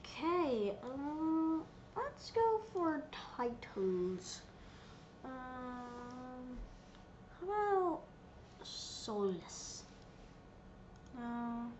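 A playful woman talks unhurriedly through her gameplay, giggling now and then as she reads options off the screen. Her voice sits a little high, and the recording is slightly muffled with a faint hiss behind it. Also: very animated, very slow, pauses often, darkish tone. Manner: playful, giggly, reads menu items aloud. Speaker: gameplay streamer. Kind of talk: casual gameplay commentary.

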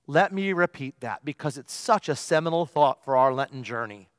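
A man's voice: medium pitch, lively intonation, normal speed, hardly any pauses, dry recording, clean studio sound, in a large hall. A male pastor preaching a sermon, telling stories with emphasis and stretching out the key phrases.

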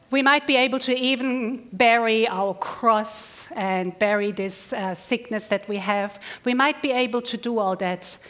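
A woman pastor preaching a sermon in church, earnest, slowing down to stress key words. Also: mid-range voice, a bit bright. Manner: earnest, slows down for emphasis. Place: church service.

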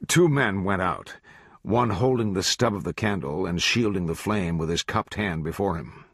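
A man narrates a novel at a steady, measured pace in a fairly low voice. His tone carries a husky grain, and the recording is dry and close with no room sound. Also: no room sound. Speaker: audiobook narrator. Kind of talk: scripted narration.

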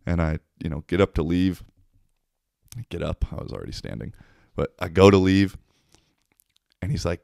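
A laid-back American man hosts his podcast, telling casual stories full of swearing. His voice is low and deep. The sound is dry and close, with no room echo. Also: moderate pace, gravelly, long pauses, darkish tone. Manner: profane, laid-back storyteller. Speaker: podcast host. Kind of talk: casual storytelling monologue.

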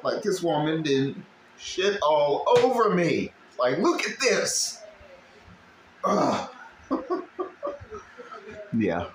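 Brief: male reaction host, loud laughing outbursts, lots of swearing, unhurried delivery. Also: fairly high pitch, big pitch swings. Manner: laughs often, swears freely, loud bursts. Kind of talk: casual reaction commentary. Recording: echoey room with faint background noise.

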